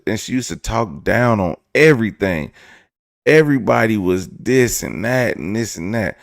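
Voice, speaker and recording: A man's voice: on the low side, expressive, normal speed, vocal fry, no room sound, clean studio sound. A young man hosting a casual storytime vlog, talking loosely and jokingly, now and then mimicking other people's voices. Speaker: vlog host.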